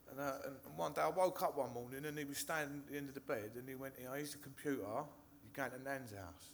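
A man's voice: mid-range voice, fairly even intonation, brisk, fairly bright tone, a little hiss or hum. An English man from Hertfordshire telling his recovery story to a live audience, nervous, swearing often and restarting his sentences. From Hertfordshire, England. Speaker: speaker sharing recovery story. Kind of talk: personal testimony to a live audience. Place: stage in a meeting hall.

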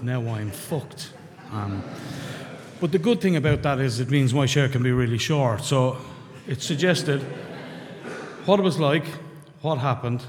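A man's voice: mid-range voice, a little mellow, a little hiss or hum. A middle-aged Irish man from rural Ireland, sharing his story at a recovery meeting in a blunt, candid way, with swearing and wry self-mocking humor. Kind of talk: personal testimony to a group. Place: meeting room. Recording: long hall reverb.

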